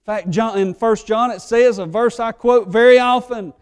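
A male pastor preaching a sermon. He swings from fervent, loud pleading to quiet, earnest low tones. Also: normal speed, few pauses, clean tone. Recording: echoey hall reverb.

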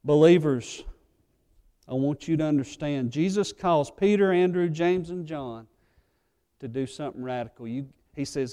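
A male pastor preaching a sermon. He swings from fervent, loud pleading to quiet, earnest low tones. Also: normal speed. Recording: echoey hall reverb.

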